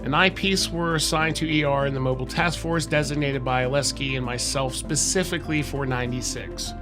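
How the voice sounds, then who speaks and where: A man's voice: medium pitch, fairly even intonation, fairly quick, over music. A man co-hosting a podcast, reading a horror file aloud in a casual, chatty way. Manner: casual, swears, laughs between read passages. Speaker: podcast co-host.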